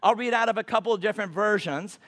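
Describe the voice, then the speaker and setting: A man with a notably high voice preaches with emphasis, stretching out his scripture quotes. He sounds middle-aged and speaks as a guest preacher. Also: quick pace, fairly bright tone. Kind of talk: sermon.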